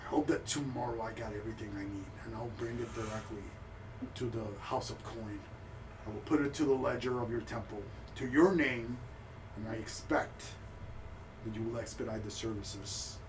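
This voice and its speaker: A man's voice: medium pitch, moderate pace, voice pushed down, natural voice. A man voicing a proud, humiliated male tiefling noble who speaks in a stiff, formal, aggrieved way. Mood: stiff, wounded. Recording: distant mic with background noise.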